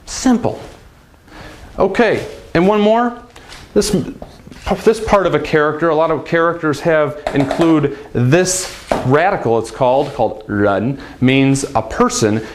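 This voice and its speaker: Man, language teacher, casual and upbeat, slightly high voice, chatty. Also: expressive, a little slow, noisy background. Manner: upbeat, chatty, demonstrates tones with big pitch swings. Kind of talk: casual video lesson.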